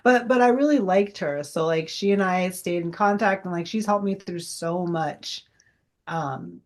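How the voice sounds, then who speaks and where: A woman's voice: on the low side, a little slow. A woman in her forties, a guest chatting casually in an interview, rambling with many fillers and acting out past conversations.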